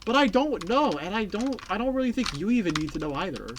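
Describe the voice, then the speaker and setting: A game streamer chatting live with viewers, rambling and excitable, repeating phrases and swearing casually. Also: medium pitch, fairly quick, hardly any pauses, very noisy. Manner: talks to chat and repeats phrases. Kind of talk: casual live-stream chat while playing.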